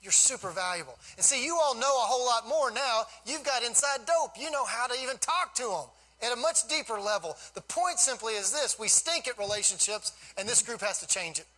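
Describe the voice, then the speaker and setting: A man in his fifties giving an animated, folksy storytelling speech to a live audience as a guest speaker. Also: very high voice, brisk, few pauses, rough recording.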